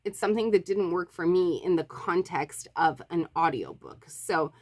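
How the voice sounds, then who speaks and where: A woman's voice: fairly low pitch, normal speed. A woman from Montreal, a book vlogger, chatting casually to camera and apologizing often, with lots of fillers and restarts. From Montreal, Canada.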